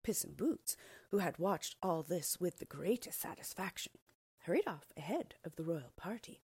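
A woman reads a fairy tale aloud in an animated storybook manner. Her voice sits low and has a husky edge, and her pitch moves widely. The recording is close and dry. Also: normal speed, no room sound. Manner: expressive, animated reading.

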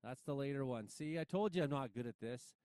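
A man's voice: mid-range voice, animated, a little fast, darkish tone, clean tone, dry recording. A man hosting a show, chatty and self-deprecating, introducing a guest's videos. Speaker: show host. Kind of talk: casual show banter.

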